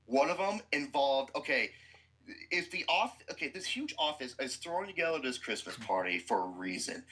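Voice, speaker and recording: Animated foul-mouthed podcast host ranting. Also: male voice, medium pitch, normal speed, poor audio. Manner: foul-mouthed, blunt, explosive outbursts. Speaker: podcast host reviewing a movie. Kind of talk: profane ranting movie review.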